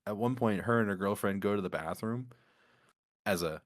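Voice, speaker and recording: Man with a lower voice telling a story among friends, animated and laughing often. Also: normal speed. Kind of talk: casual chat.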